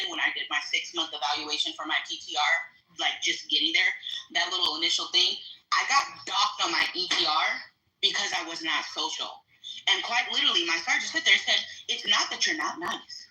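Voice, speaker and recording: A woman's voice: fairly low pitch, fairly quick, pushed and bright, echoey room, poor audio. A woman telling her own stories in a blunt, chatty way, talking while she cooks at home. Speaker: guest speaker, military veteran. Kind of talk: casual storytelling on a live stream.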